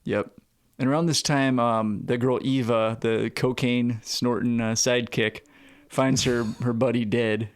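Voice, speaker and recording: A man's voice: mid-range voice, little pitch movement, a little slow, smooth. A man co-hosting a podcast, recapping a movie in casual chat with a laid-back, chuckling manner and short acted quotes. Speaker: podcast co-host.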